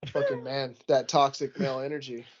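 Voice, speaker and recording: A relaxed man trading easygoing, profane banter as a podcast co-host, laughing often. His voice sits at a middle pitch. The recording has a slightly dull, lo-fi tone. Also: brisk. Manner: laid-back, swears freely, laughs often.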